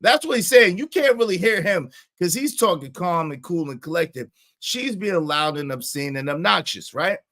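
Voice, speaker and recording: Guy streamer ranting and thanking donors, high bright voice, keeps repeating himself. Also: lively intonation, normal speed. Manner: emphatic, repetitive, shouts out donors. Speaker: live-stream commentary host. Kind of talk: animated live-stream commentary.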